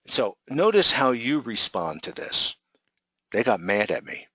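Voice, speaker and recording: A man's voice: lowish voice, very animated, a little slow, sharp tone, no room sound, poor audio. A man coaching a group in a webinar, talking energetically and firing rhetorical questions at his audience.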